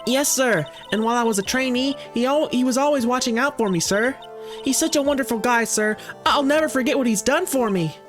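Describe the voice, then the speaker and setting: A man voicing a nervous, gushing young woman in a high, quick falsetto. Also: a bit bright, faint music behind.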